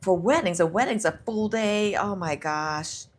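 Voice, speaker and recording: A woman hosting a live stream, giving a casual motivational talk with animated self-talk. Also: medium pitch, unhurried. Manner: warm, animated self-talk, sometimes laughing. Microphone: microphone close by.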